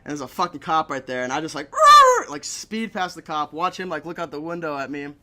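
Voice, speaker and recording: Young man, casual story, laughs often, rather high, bright tone. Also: quick pace. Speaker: podcast guest.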